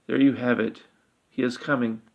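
A desperate, resolute female elf confides in urgent tones, as read by a man. Her lines come out gravelly and level in pitch. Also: fairly even intonation, moderate pace, darkish tone, dull audio, close to an everyday voice.

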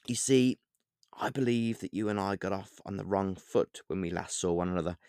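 An audiobook reader voicing a snooty, smug male vampire who was once a butler, with a drawn-out, pitched-up delivery. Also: darkish tone, smooth, dry recording, studio quality. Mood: menacing. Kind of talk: audiobook character voice.

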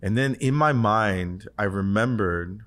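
A man's voice: on the low side, unhurried, a bit bright. A man co-hosting a casual faith podcast, telling a personal story in an earnest, rambling way, full of "like" and restarts. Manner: earnest, rambling, heavy use of "like". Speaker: podcast co-host.

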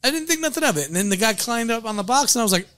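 A man telling a funny story in casual bar chat, animated and laughing often. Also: extremely high pitch, very fast, very noisy.

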